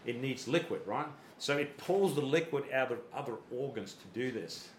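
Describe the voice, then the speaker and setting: In an echoey room with a faint hiss or hum, this mid-range, expressive male coach speaks at a moderate pace. He explains things to athletes on a podcast through everyday comparisons and small performed quotes, often repeating himself while thinking.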